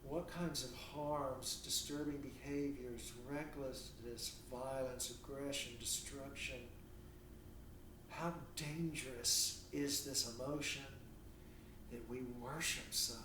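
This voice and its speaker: With a steady tone and slow pace, a mid-range male lecturer asks rhetorical questions and voices imagined conversations. The university lecture recording has background noise, echo, and a far-off microphone.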